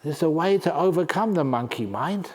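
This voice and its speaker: A man doing a calm wise old monkey leader. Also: on the high side, normal speed, lightly acted.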